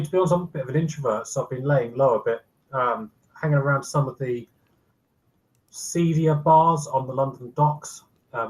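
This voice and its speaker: A man's voice: medium pitch, natural voice, rough recording. Guy doing an introvert elf techie, own voice, kinda rambly, over voice chat. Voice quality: plain own voice, no accent put on. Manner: hesitant, rambling with fillers. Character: young male elf hacker, introverted.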